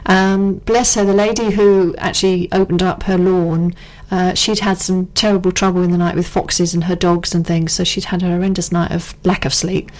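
A woman's voice: fairly low pitch, flat delivery, moderate pace, hardly any pauses, poor audio. A middle-aged woman from England chatting as a guest, rambling with lots of ums and asides. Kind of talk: casual chat.

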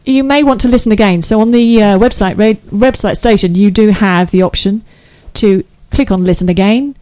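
A woman's voice: medium pitch, moderate pace, mellow, no echo, rough recording. Bubbly woman radio host, dry studio sound. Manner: bubbly, gushing, laughing often. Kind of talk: chatty internet radio presenting.

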